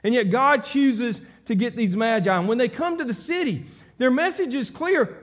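A man's voice: very high voice, normal speed. A man preaching a sermon to his church, building to emphatic repeated phrases. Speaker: pastor. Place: church sanctuary.

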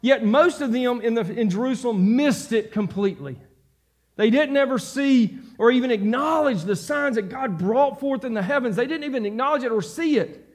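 Male pastor, high voice, fervent sermon delivery with repeated emphatic lines. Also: animated, normal speed. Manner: impassioned preaching, repeats phrases for emphasis. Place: church sanctuary.

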